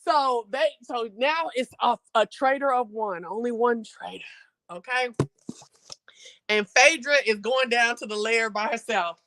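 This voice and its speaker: High-voiced, animated woman streamer. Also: measured pace. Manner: laughing, slangy, emphatic retelling. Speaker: live stream host. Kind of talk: animated reaction commentary.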